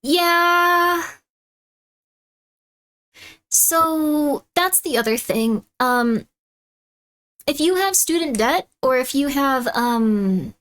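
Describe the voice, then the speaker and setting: A woman with a fairly high voice talks casually on a live stream, chatting with her viewers and reacting to clips. Her delivery is animated and loose, peppered with laughs. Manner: chatty and animated, laughs often, loud shrill bits when mocking someone. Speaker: streamer reacting to videos and chat.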